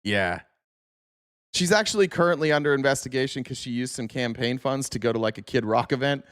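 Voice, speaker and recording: A host runs a casual political livestream in a mid-range, expressive voice that's fairly quick, a bit bright and smooth. He's sarcastic and joking, talking back to his chat as he goes. The recording is dry, with clean studio sound.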